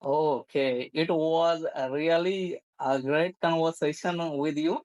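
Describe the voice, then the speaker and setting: A man's voice: fairly high pitch, steady tone, takes it slowly, a little mellow, no echo, rough recording. A man hosting an English-learning interview, politely thanking and praising his guest. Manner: polite, full of praise and brief agreement. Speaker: host of an English-learning channel. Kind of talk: interview conversation.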